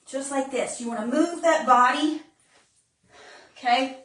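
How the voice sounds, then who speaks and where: A woman's voice: sits high, unhurried, fairly bright tone. A woman fitness instructor demonstrating modified exercises live, out of breath as she coaches and counts reps. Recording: roomy, distant phone-camera sound.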